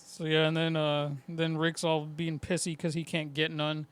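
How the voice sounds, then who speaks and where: A man co-hosting a podcast, recapping a movie plot in a laid-back, hesitant, profane way, pausing to remember scenes. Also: a little high, completely flat delivery, clean tone. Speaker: podcast co-host. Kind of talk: casual movie-recap chat.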